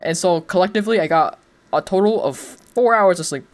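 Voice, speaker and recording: A man's voice: high-pitched, animated, fairly quick. A young man streaming, telling a story in a rambling, casual way, full of fillers and frequent laughs. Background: faint music.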